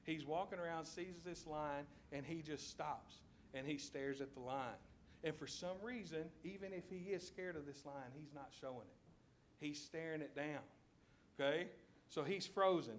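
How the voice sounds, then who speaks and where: A man with a Southern US accent preaches a sermon in church, his voice a little high and at normal speed, with slight background noise. He tells a story vividly, asking his listeners to picture each scene.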